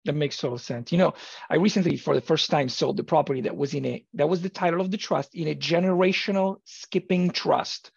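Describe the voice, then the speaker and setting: A podcast host with a casual interviewing manner and a habit of drawn-out affirmations. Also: mid-range voice, dry recording. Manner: gravelly, husky, drawn-out affirmations. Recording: dull lo-fi recording.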